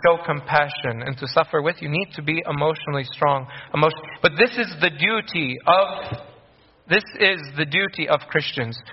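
A man with a fairly high voice delivers a sermon, earnest and deliberate, often repeating his key phrases for weight. The recording is dull and lo-fi. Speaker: priest.

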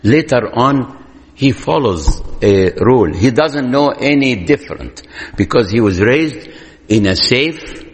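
A man lectures on parenting at a very unhurried pace, often repeating his main points for emphasis. His voice sits at a moderate pitch. It carries a long reverb, as if he were speaking in a hall. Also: expressive. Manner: slow, deliberate, repeats key points for emphasis. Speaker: speaker giving parenting advice. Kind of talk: lecture-style talk.

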